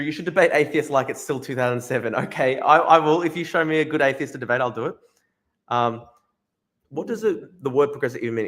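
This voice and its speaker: A man's voice: medium pitch, a bit bright. Blunt, swearing young male streamer. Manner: blunt, swearing, quick asides; repeats phrases, restarts. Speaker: livestream host. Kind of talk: casual livestream commentary reading chat.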